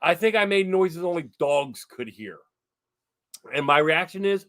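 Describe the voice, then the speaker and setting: A man in casual chat, retelling a scary ghost-hunting moment with animated outbursts. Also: on the high side, a little slow, no echo, studio quality. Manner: animated, breaks into excited quoted yells. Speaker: paranormal investigator co-host.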